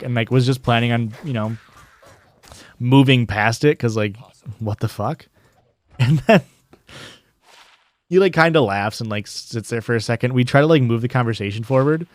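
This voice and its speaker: Medium in pitch, this young man speaks at normal speed but leaves long pauses. Chatting casually during a gaming stream, he rambles through stories, restarting sentences and leaning heavily on fillers like "like."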